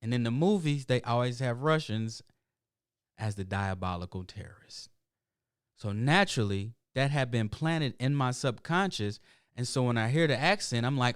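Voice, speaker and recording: Smooth-voiced middle-aged man. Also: mid-range voice, animated, normal speed, dry recording, studio quality. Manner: rambling storyteller with emphatic asides and restarts. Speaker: show host. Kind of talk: casual livestream monologue.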